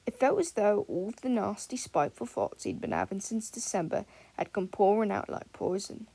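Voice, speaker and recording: Gravelly-voiced woman reading an audiobook. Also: medium pitch, wildly swooping pitch, moderate pace, warm tone. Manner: reads dialogue with small shifts between characters. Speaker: audiobook narrator. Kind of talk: fan fiction audiobook reading.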